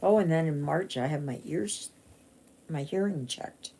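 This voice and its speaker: A woman's voice: low voice, measured pace, warm tone, a little hiss or hum. A woman, chatting casually and rambling with many fillers and restarts while she stitches on a live stream. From Canada. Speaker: cross-stitch vlogger.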